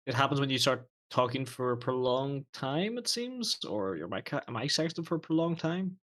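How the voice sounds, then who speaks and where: A man's voice: medium pitch, lively intonation, normal speed, fairly bright tone. A man playing in a tabletop role-playing game, chatting casually and making joking asides. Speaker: player. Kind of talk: casual chat during a game.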